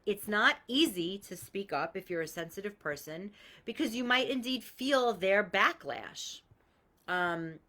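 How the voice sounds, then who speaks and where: Her voice is medium-pitched, bright and forceful. On a casual live coaching stream, this woman is blunt and swears freely, using everyday examples and calling out viewers by name.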